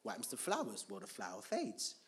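A man's voice: lowish voice, wildly swooping pitch, fairly quick. A man preaching a Bible teaching sermon, asking rhetorical questions and answering them himself, with frequent restarts and repeated words.

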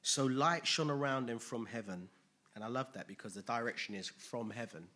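A man preaching a sermon, emphatic and animated, asking his listeners rhetorical questions. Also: mid-range voice, normal speed, a little hiss or hum.

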